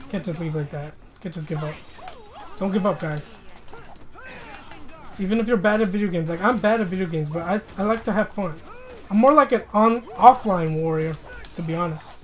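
A gamer giving live commentary on online fighting game matches, rambling and self-deprecating, swearing often when frustrated. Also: medium pitch. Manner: rambling, restarts sentences, laughs at self.

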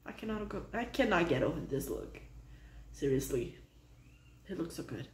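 A woman hosting a reaction channel, reacting out loud to a fan video in an expressive, exclamatory, chatty way. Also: low voice, moderate pace, echoey room, background noise.

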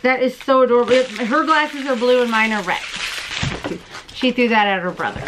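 Host, woman, fairly high voice, bubbly gushing chat to camera while opening gifts at home, faint hiss under the voice. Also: expressive, normal speed. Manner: bubbly and gushing, laughs often. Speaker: crochet and knitting podcast host.

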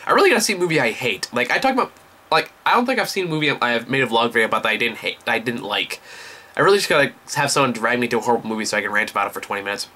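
A man's voice: mid-range voice, expressive, very fast, sharp tone. A young man giving a casual vlog movie review, enthusiastic and rambling, swearing often.

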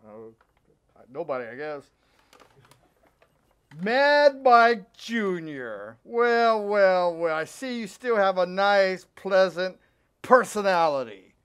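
Slow, lively comic horror-show host man. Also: high-pitched, clear, resonant tone. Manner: animated, swinging from shouts to mumbles.

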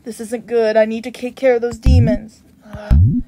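A woman reading the lines of an old, weary reaper with principles, gentle and formal, over game music. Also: on the high side, normal speed, lightly acted. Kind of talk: reading game dialogue aloud. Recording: music playing behind.

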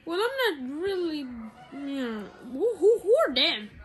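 A woman's voice: high-pitched, big pitch swings, a little slow. A woman voicing a shy tomboy animatronic with floppy ears in a plushie video role-play, hesitant and stammering.

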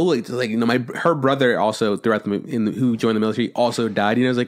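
A man's voice: on the low side, fast talker, hardly any pauses. A man co-hosting a podcast, rambling casually about a film he watched, and swearing a lot as he retells the scenes. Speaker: podcast co-host.

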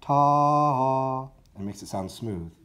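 A man teaching a school band part, talking his students through it measure by measure. He counts out loud, sings the notes, and keeps his tone encouraging. His pitch swings widely from phrase to phrase. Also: expressive, normal speed, slightly rough. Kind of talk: instructional walkthrough for students.

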